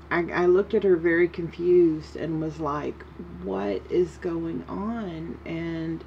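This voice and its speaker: A woman talking through a casual video diary update in a slow, rambling way with many fillers. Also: deep voice, a little mellow. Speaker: vlogger. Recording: dull lo-fi with faint noise.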